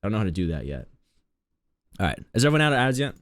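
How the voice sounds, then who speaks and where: A man's voice: on the low side, big pitch swings, very fast, dry recording, studio quality. A man streaming live, chatting casually and rambling to his viewers.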